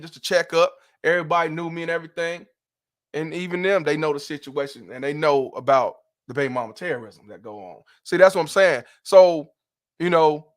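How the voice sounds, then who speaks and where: Middle-aged guy on a livestream, kinda high voice, blunt and cussing a lot, really emphatic. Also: a bit bright. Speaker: host. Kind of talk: livestream commentary rant.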